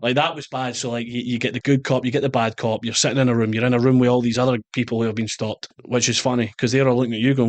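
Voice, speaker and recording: Scottish man, fast storytelling. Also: mid-range voice, no room sound. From Scotland. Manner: animated anecdotes, jumps into quoted voices. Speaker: guest, soccer coach. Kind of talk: casual interview storytelling.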